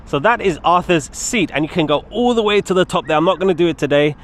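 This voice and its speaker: A man's voice: on the high side, lively intonation, quick pace. A man filming a walking travel vlog outdoors on city streets, chatty and enthusiastic, often exclaiming at what he sees. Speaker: travel vlogger.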